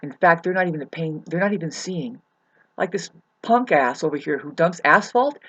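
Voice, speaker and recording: Brief: woman vlogger, agitated profane rant, sharp bright tone, stammers and restarts, loud to hushed swings. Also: low voice, animated, normal speed, husky. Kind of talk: ranting monologue to camera.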